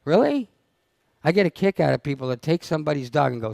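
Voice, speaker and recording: High gravelly guy teaching a dog seminar, pokes at the crowd with questions, dry sound. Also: sing-song, fairly quick, a little mellow, no room sound. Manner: blunt, teasing, fires questions at the audience. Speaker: dog trainer leading a seminar. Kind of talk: live seminar talk to an audience. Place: seminar room.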